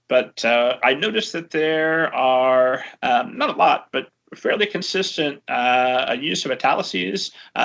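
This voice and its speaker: A man's voice: medium pitch, gravelly, a bit bright. A man hosting a podcast interview, asking chatty, eager questions in casual conversation over muffled lo-fi audio. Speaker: podcast host.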